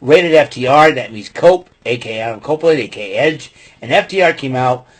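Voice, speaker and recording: A man with a husky, breathy voice talks through a wrestling broadcast in casual podcast style. He rambles, piles up fillers and gives his opinions freely. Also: mid-range voice, animated, brisk. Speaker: podcast host. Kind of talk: casual wrestling show recap.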